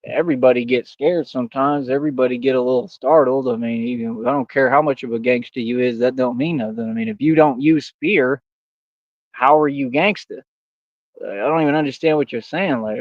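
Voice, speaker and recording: A man's voice: mid-range voice, a little fast, no room sound, dull audio. A man in a casual livestream rant, using street slang, repeating himself and talking straight to his viewers. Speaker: livestream host.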